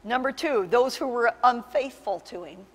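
A woman pastor preaching a sermon with impassioned, emphatic delivery that surges to loud peaks. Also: on the high side, moderate pace, in a large hall. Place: church sanctuary.

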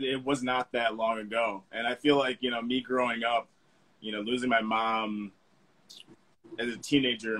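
A male guest speaks in an interview with a husky voice at an ordinary pitch. He is reflective and earnest and keeps his delivery soft and measured. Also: low-quality recording. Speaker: guest, fashion model. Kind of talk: casual interview.

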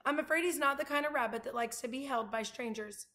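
A woman's voice: fast, bright, forceful tone. Woman voicing Abilene, a pleading girl. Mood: firm. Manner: pleading, high and upset. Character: young girl Abilene, devoted to her rabbit.

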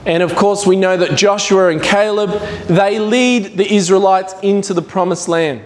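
A man's voice: high voice, moderate pace, slight background noise. A man preaching a sermon as a visiting preacher, earnest and emphatic, repeating his points. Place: church. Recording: echoey church hall.

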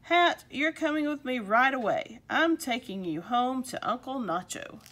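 A woman's voice: sits high, lively intonation, a little slow, a bit bright, full character voice. Woman reading eager young Chabela.

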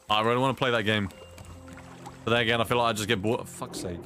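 A man's voice: lowish voice, fairly even intonation, fast, pauses often, sharp tone, faint music behind. A young British man streaming a survival game, reading chat aloud and cursing at what happens on screen. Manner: swears often, reads chat aloud, blurts reactions. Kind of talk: casual gameplay chat.

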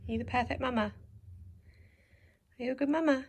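A woman cooing to her dog and a baby at home, in a soft sing-song way. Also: high voice, a little fast, slight background noise. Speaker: dog owner filming her pets. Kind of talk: cooing baby and pet talk. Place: home, indoors.

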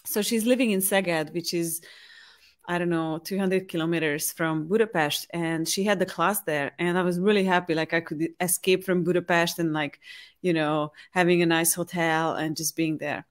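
A woman's voice: on the low side, normal speed. A woman from Hungary, an English speaker, hosting a casual conversation and telling stories with animation. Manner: animated, lively storytelling. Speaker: host.

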